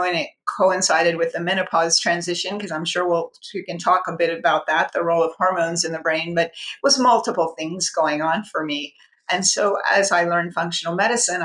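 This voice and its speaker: A woman's voice: lowish voice, a bit bright. A woman in her sixties, a psychiatrist guest on a podcast interview, telling her own story candidly and earnestly. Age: 60s. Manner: candid, earnest, with light laughs.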